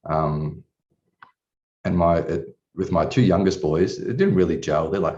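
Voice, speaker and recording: A man's voice: low voice, measured pace, a little mellow. A man, candidly telling his personal story in an earnest, emotional way, with casual swearing and many restarts. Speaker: client giving a testimonial. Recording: distant mic, dull lo-fi sound.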